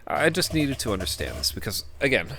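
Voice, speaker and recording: A man's voice: mid-range voice, wildly swooping pitch, fairly quick, pushed and bright, a little hiss or hum. A man chatting casually in a vlog, hesitant and rambling with many fillers as he reads web pages aloud. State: hiccuping. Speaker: vlogger.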